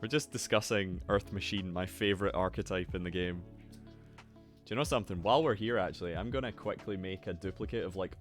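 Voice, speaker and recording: A young man hosting a casual live stream, excitable, swearing freely and greeting his chat. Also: sits low. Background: faint lo-fi music.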